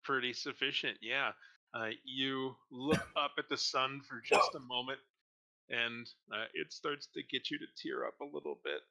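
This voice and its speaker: A man narrating as dungeon master, relaxed and hesitant, with many fillers. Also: medium pitch, a little slow, vocal fry. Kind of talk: narrating a tabletop game. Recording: dull lo-fi mic.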